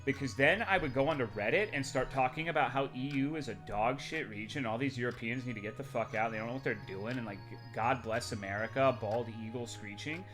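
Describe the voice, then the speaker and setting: A man's voice: mid-range voice, a little fast, few pauses, fairly bright tone, soft background music. Crude, rambling young streamer guy. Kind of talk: casual live-stream chat, reading chat.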